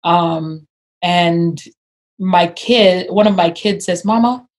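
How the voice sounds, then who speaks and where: Thoughtful African-accented woman, lowish voice. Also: fairly even intonation, takes it slowly. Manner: thoughtful, hesitant with fillers and laughs. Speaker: guest. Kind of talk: casual conversation.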